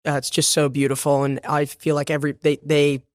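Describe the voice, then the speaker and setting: A man's voice: fairly high pitch, completely flat delivery, a little fast, no echo, clean studio sound. A young man from Boston with a slight Boston accent, chatting casually as a podcast guest, laughing often and talking in fillers and restarts. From Boston, USA. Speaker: guest, stage actor. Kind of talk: casual interview chat.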